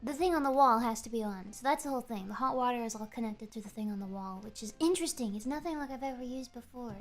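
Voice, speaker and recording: A woman streamer chatting casually in a joking, rambling, animated way. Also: a little high, quick pace, few pauses, soft background music. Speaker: VTuber streamer.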